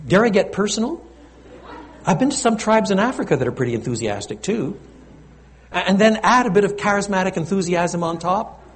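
A man preaching a sermon in a lively, conversational style, often turning to the congregation with little asides. His voice sits slightly high and rises and falls a great deal. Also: a little fast. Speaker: pastor.

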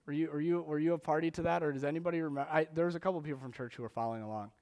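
A male pastor delivers a casual, animated sermon in a high voice. A gravelly fry runs through his words, and he often restarts his phrases mid-thought. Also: rapid-fire. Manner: conversational and animated, with frequent restarts.

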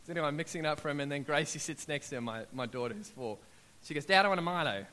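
A man in his thirties preaching with lively, story-driven energy. He acts out his own prayers as part of the telling. His voice sits a little higher than most men's. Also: racing. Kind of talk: sermon.

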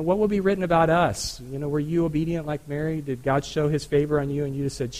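A man's voice: a little high, steady tone, quick pace, few pauses, a little mellow, rough recording. A man preaching a sermon to a congregation in an earnest, conversational way, often adding asides. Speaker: pastor. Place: church.

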